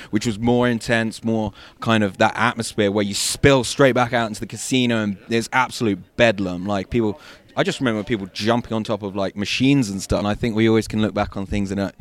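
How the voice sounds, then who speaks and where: English man, lowish voice, chatty with fillers, video call guest. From England. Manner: chatty, many fillers and restarts. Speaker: guest journalist. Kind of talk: casual roundtable chat.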